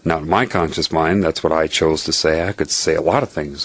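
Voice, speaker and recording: Man, very low husky voice, dry close sound, earnest spiritual storyteller. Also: fairly even intonation, fairly quick, few pauses, fairly bright tone, dry recording. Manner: earnest, explanatory, tags points with "right?". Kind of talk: spiritual monologue told as a personal story.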